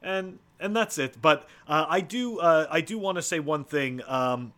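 Guy on a podcast, bright voice, laid back, rambles a bit. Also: a little high, measured pace. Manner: easygoing, laughs along, rambling. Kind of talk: casual podcast chat.

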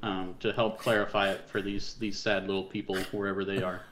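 A man's voice: low-pitched, flat delivery, fairly quick, very noisy. A man co-hosting a gaming podcast, casual chat with a sardonic, dismissive edge. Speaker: podcast co-host.

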